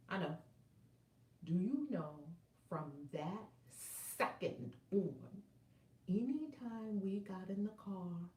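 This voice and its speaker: A woman life coach telling a personal story as advice, animated and playful, with affectionate asides to her viewers. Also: medium pitch, roomy sound, distant mic.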